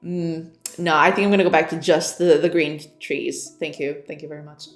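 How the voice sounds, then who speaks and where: A woman streamer chats with her viewers and giggles often, her pitch bouncing up and down. She reads chat aloud as she goes. The sound carries a roomy echo, with soft music playing underneath. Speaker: game developer streamer. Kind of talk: casual livestream chat with viewers.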